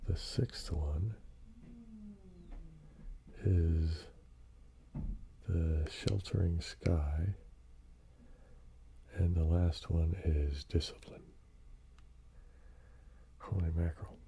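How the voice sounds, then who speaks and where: An older man hosting a soft-spoken ASMR show and tell, slipping into whispers and rambling with tag questions. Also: deep voice, steady tone, extremely slow, vocal fry, pauses often, slight background noise. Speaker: ASMR host.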